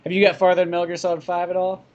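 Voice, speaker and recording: A man co-hosting a casual podcast, chatting quickly about games. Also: high voice, completely flat delivery, darkish tone. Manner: fast, chatty, gamer talk. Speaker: podcast co-host. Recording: dull lo-fi podcast audio.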